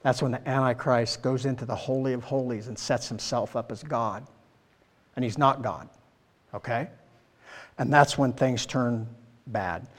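A male preacher teaching scripture in a relaxed, conversational manner, stopping to ask his listeners questions. His voice sits at an ordinary pitch for a man. The sound carries a long reverb, as if from a large hall. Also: measured pace, long pauses. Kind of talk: Bible teaching sermon.

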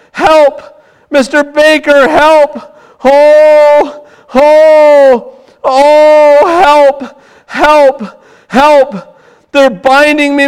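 A man's voice: very high-pitched, pitched above the performer's own voice, full character voice. A man voicing a terrified dying young boy who wails and shrieks for help, with long hall reverb. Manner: shrieking, wailing, desperate.

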